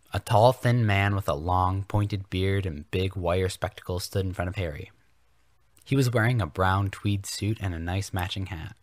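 A man's voice: sits low, no echo, clean studio sound. A man reading a story aloud as a comedic dramatic reading, in a mock-earnest way. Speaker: podcast host reading fanfiction aloud.

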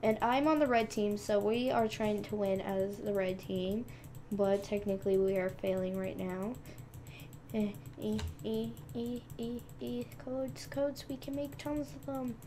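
Casual gameplay commentary comes from a young woman hosting a gaming channel, who chats playfully with viewers while she plays and clicks. She has a mid-range, steady voice and a somewhat slow pace, and the background is noisy.

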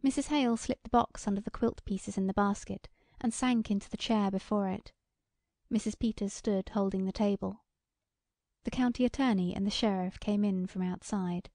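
A woman narrating a short story audiobook in a measured, even way. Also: mid-range voice, no echo, clean studio sound. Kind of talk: scripted narration.

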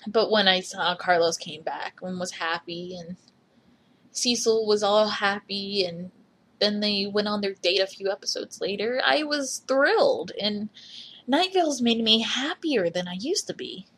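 Husky young woman, rambling and apologetic. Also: medium pitch, expressive, a little slow, fairly bright tone. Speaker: fan recording a voice memo. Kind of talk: casual rambling voice memo.

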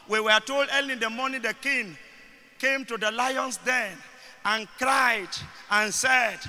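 A man with a Nigerian English accent, a bishop leading a Bible study who preaches and breaks into shouted declarations. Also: very high voice, a little slow. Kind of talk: sermon. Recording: echoey hall.

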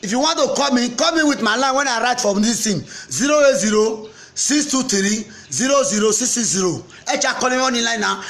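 A man's voice: high-pitched, animated, a little fast, fairly bright tone. A Nigerian man with a Pidgin-inflected accent, giving a preachy, repetitive political rant that slips between English and Pidgin. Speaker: political commentator.

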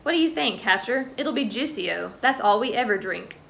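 A woman doing a booming, jovial middle-aged man. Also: expressive, moderate pace, gravelly, fairly bright tone. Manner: jovial, repeats himself, laughs. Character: hearty, booming middle-aged man, a pushy visiting guest.

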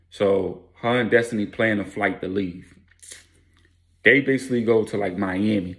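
A man telling a story casually in street slang, animated and adding sound effects. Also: on the low side, moderate pace.

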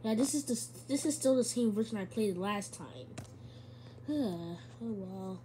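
A woman's voice: mid-range voice, lively intonation, measured pace, mellow, a little hiss or hum. A woman giving casual, chatty let's-play commentary, giggling and talking back to a game character. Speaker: gamer.

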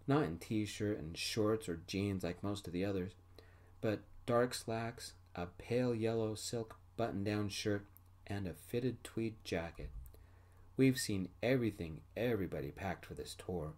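A man gently narrating a first-person story in a soft-spoken ASMR style. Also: on the low side, measured pace.

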